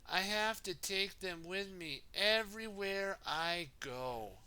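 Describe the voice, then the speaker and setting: A man's voice: sits high, lively intonation, slow pace, bright, forceful tone, clean tone, pitched above the performer's own voice, exaggerated voice. A man voicing a friendly male steamroller from a storybook, earnest and plain-spoken about his heavy rollers.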